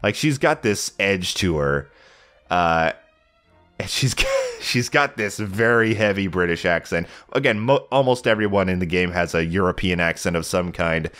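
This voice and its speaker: An American man gushing over a video game in a casual monologue as a let's play host, animated and sometimes swearing. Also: sits low, moderate pace. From United States.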